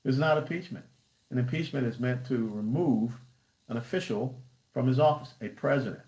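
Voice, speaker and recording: A man's voice: mid-range voice, normal speed, a little mellow. A man talks straight to viewers in a political livestream, stacking up punchy lists and rhetorical questions. His voice sits in a middle register. The room around him adds a noticeable echo. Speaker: party chairman. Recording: roomy echo.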